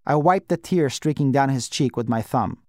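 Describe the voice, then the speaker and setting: A man reading a novel aloud in first person, quiet and measured. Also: medium pitch, dry recording, clean studio sound. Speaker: audiobook narrator.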